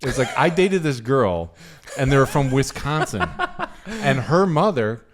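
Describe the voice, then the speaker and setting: A man's voice: mid-range voice, big pitch swings, a little slow. A man co-hosting a podcast in casual chat, telling stories with plenty of laughter and swearing. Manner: laughing, profane storyteller. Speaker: podcast co-host.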